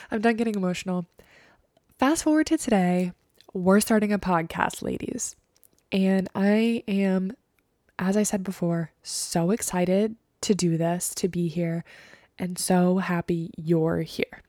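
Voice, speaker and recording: Woman podcast host in her 30s, heartfelt and soft-spoken, lowish voice, dry close mic. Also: takes it slowly, no echo. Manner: earnest and emotional, often soft and breathy. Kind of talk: personal podcast monologue.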